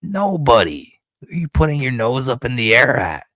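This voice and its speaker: A man's voice: mid-range voice, very animated, moderate pace, fairly bright tone, no echo. A man streaming commentary who rants angrily and profanely, hurling insults and repeating himself. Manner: angry, profane, insulting, repetitive.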